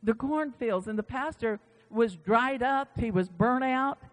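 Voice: medium pitch, measured pace. A preacher giving a sermon in a church, animatedly retelling stories with quoted dialogue. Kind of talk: sermon storytelling. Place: church sanctuary. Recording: long church-hall reverb.

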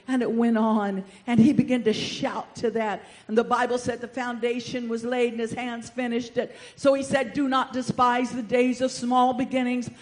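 A woman pastor preaching a fervent sermon, drawing answers from the congregation and rising to shouts. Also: a little high. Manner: call-and-response with congregation.

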